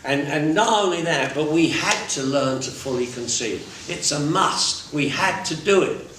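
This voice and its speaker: Brief: plain-spoken man addressing a recovery workshop, pitched a little high, heard from across a booming, echoey room. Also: a little slow. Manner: blunt, conversational, mixes in laughs and asides. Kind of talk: informal talk to a recovery group. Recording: very echoey room, mic far off, faint noise.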